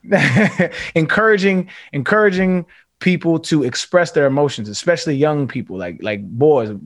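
A man's voice: on the high side, expressive, normal speed, dry recording, studio quality. A man speaking as a podcast guest, earnest and reflective, often restarting his sentences in candid casual conversation. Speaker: podcast guest, former pro football player.

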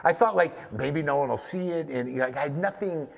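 A man's voice: a little high, moderate pace, vocal fry. Rambling storyteller man in a reverberant hall. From New Mexico, US. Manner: rambling, profane anecdotal storytelling. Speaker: guest. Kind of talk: live podcast interview. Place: live stage taping before an audience.

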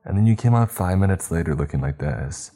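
A man's voice: deep voice, animated, a little fast, dark tone, soft background music. A man voicing a wary young woman who answers defensively and firmly, reading the story aloud. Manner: defensive, guarded replies. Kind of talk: storytelling narration.

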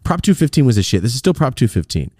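Telling a story on his podcast, a man in his thirties swears freely and performs the people involved with big jumps in pitch, all in an animated, casual style. He talks fast, and the recording is dry and studio quality.

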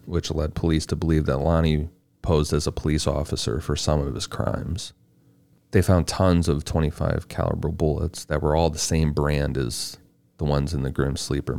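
A man's voice: extremely low pitch, creaky, a little mellow, no echo. A man co-hosting a podcast, reading out researched facts in a casual tone and adding short asides. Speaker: podcast co-host presenting the research. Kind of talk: casual true-crime podcast narration.

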